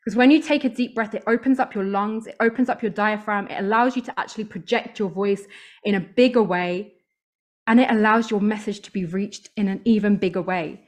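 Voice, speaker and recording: A woman's voice: mid-range voice, brisk. A woman, working as a voice coach, giving an upbeat motivational talk to a live audience and stressing key words by repeating them.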